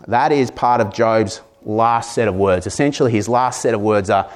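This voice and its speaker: A man's voice: on the low side, moderate pace. A man with an Australian accent preaching a sermon in an earnest manner that builds to emphatic passages.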